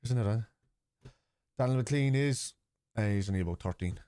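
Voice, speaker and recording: A man's voice: on the low side, brisk, mellow, smooth. A man hosting a live football watchalong, chatting casually and answering viewers' comments.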